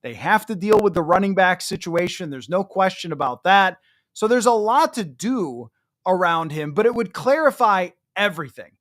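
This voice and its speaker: A man's voice: sits high, lively intonation, moderate pace, a bit bright. A man hosting a solo sports podcast, giving chatty, emphatic commentary with self-mocking asides. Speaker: podcast host.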